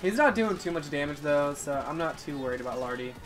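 A young man giving casual, excitable commentary over his gameplay. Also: fairly high pitch, brisk, soft background music. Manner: excitable, swears and yelps at the game. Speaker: let's play gamer.

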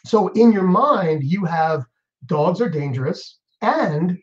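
A man's voice: high-pitched, lively intonation, takes it slowly. A male psychologist speaking on an online panel, thoughtful and hesitant with frequent restarts. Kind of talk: online panel answering questions. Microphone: video call. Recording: dull lo-fi video call audio.

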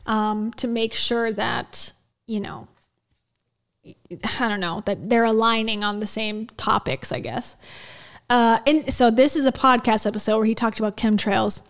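A woman with a slightly high-pitched voice hosts a casual commentary video. She talks in a dry, sarcastic way and is loose and chatty with her fillers. She sounds like she is talking straight to her viewers.

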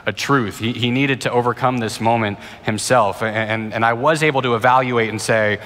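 A male pastor in his thirties speaks earnestly and conversationally, often stumbling over his restarts. His voice is bright and forward, at a middling pitch. It rings out with the long reverb of a church auditorium. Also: moderate pace. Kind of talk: sermon with Q&A.

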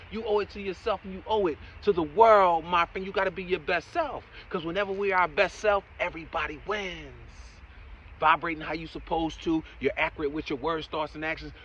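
A man giving a motivational talk in a preachy, encouraging way, often saying "my friend" and "right?", and swinging between loud emphatic bursts and quiet asides. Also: on the high side, highs cut off, slight background noise. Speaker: motivational speaker.

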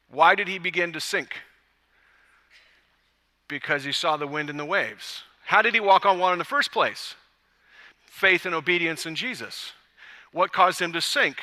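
A man preaching a sermon as pastor at a church service, a lively, joking storyteller who acts out quotes. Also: on the high side, big-room sound.

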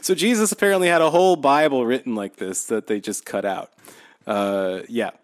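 A man hosting a podcast in casual chat, animated and profane, laughing often. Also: mid-range voice, normal speed. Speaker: podcast host.

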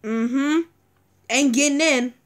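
A woman's voice: high-pitched, slow pace. A young woman commenting on a video game as she plays, anxious and pleading, often repeating words and crying out. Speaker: gaming video creator. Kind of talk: let's-play commentary.

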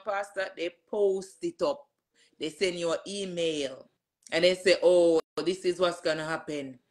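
A church member gives a casual spoken testimony to her pastor, telling her story slowly and emphatically and re-enacting dialogue with many "I said" lines. Her voice is medium-pitched with a fairly bright tone.

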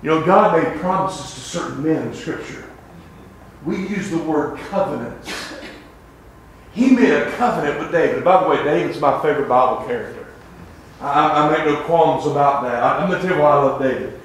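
A man preaching a revival sermon as an evangelist, swinging between shouted lines and hushed asides. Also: on the high side, expressive, normal speed, recorded from a distance. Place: church sanctuary. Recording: echoey church sanctuary with faint room noise.

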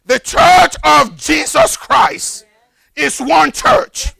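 An older man preaching a fervent sermon as pastor, building to shouted, repeated lines. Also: extremely high pitch, slow, creaky, dry recording, clean studio sound. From Nigeria. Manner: fervent preaching, rises to shouted emphasis and repetition.

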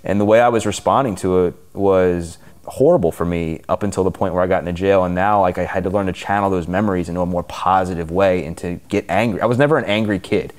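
A man's voice: deep voice, fast, a little mellow. A man, a fitness coach, answering interview questions in an earnest, open way with lots of "like".

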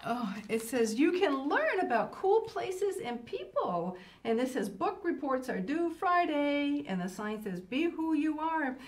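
A woman's voice: high-pitched, very animated, a little slow, few pauses, a little hiss or hum. An older woman hosting a children's show, reading a picture book aloud in a fussy, grandmotherly way and exclaiming "oh" often.

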